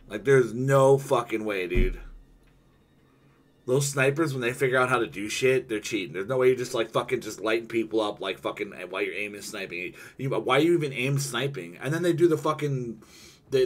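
Profane, ranting young man streamer. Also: fairly low pitch. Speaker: gaming streamer. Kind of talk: casual gaming stream chat.

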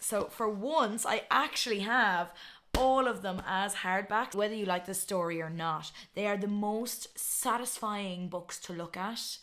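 A woman's voice: lowish voice, a bit bright. A woman in her twenties with an Irish accent, chatting to camera in a casual, long-winded, self-mocking way. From Ireland. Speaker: vlogger.

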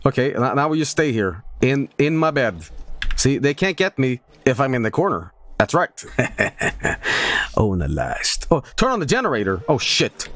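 A man's voice: wildly swooping pitch, a little slow, fairly bright tone, slight background noise. A young man streaming a horror game, joking, swearing and yelping in fright. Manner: jokey, swearing, sudden high yelps. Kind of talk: gaming stream commentary.

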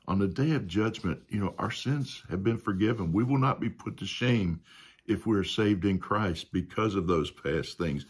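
A man's voice: fairly low pitch, breathy edge. A man teaching a Sunday school Bible lesson in a conversational way, often adding "you know" and asking the class questions.

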